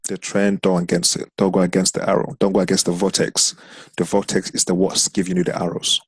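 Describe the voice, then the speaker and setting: A man's voice: low-pitched, completely flat delivery, fairly quick, breathy edge, dry recording. A man teaching a trading strategy over a screen share, explaining step by step and counting chart candles aloud. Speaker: trading instructor.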